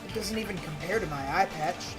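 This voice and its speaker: A man voicing a rattled young man who exclaims loudly. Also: high-pitched, brisk, loud music behind the voice, natural voice. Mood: alarmed. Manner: yelping, exclaiming.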